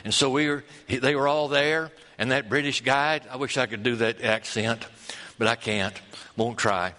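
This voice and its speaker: A man preaching a sermon, folksy and storytelling, drawing out key words slowly. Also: medium pitch, fairly even intonation, pushed and bright. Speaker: pastor. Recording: long hall reverb.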